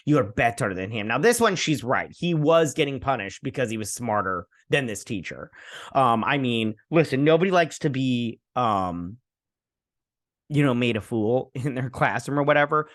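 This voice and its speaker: A man hosts a casual episode review, recapping scenes in a loose, offhand way full of "um"s and side comments. His pitch sits in the middle of the range. The recording is dry and close, with no room echo. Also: animated, normal speed. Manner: rambling, offhand, many fillers and asides. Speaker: host.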